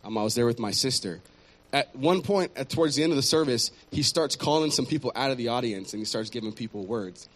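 A man's voice: mid-range voice, animated, fast talker. A man giving an earnest personal testimony in church, often restarting and repeating words.

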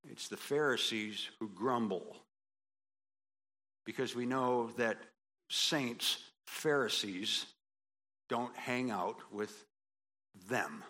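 A man preaching a sermon, animated and folksy, acting out quoted voices and building to emphatic peaks. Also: mid-range voice, takes it slowly, pauses often. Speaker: pastor.

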